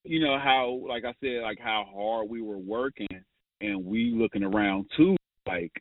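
Speaking at a measured pace in an animated mid-range voice, this man, once a college player, shares casual stories as a guest. The phone-like line carries no room sound, and he laughs a lot, stopping and restarting with many filler words.

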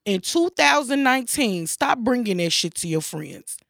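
A woman's voice: fairly high pitch, very animated, normal speed, creaky, a bit bright, no echo, clean studio sound. A woman co-hosting casual banter, blunt and profane, talking with heavy emphasis. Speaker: co-host.

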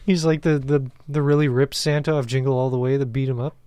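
A man's voice: medium pitch, fairly even intonation, fast, warm tone, smooth, no echo. A man co-hosting a comedy podcast, joking loosely and laughing often in crude banter. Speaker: podcast co-host. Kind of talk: casual comedy chat.

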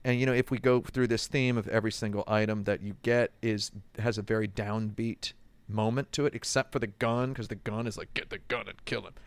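Low-voiced rambling man. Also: fairly even intonation, brisk, smooth, dry recording. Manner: rambling, many restarts, acts out quotes. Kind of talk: casual chat about a video game.

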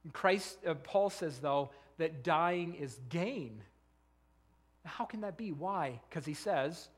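Middle-aged male pastor, high voice, earnest sermon delivery with rhetorical questions. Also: lively intonation, takes it slowly, breathy edge. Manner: earnest, quotes scripture, asks rhetorical questions.

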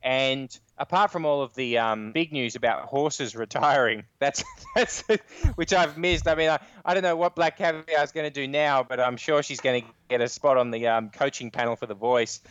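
A man's voice: medium pitch, normal speed, hardly any pauses, fairly bright tone, clean tone. An Australian man calling in to a comedy podcast, telling a dry, wry story in casual chat. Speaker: regular contributor calling in from the U.S. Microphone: phone line. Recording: dull lo-fi phone line.

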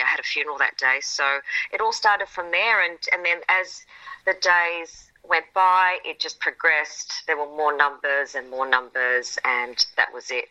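A woman's voice: sits low, pushed and bright, low-quality recording. A woman with an Australian accent, a guest chatting in a sassy, friendly, talkative way. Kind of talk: casual chat.

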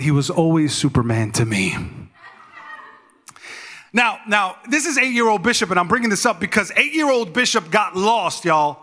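Male pastor, 30s, lively storyteller. Addresses the congregation directly. High, bright voice with long reverb from a big church hall. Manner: animated, conversational, talks straight to the congregation. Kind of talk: storytelling sermon.

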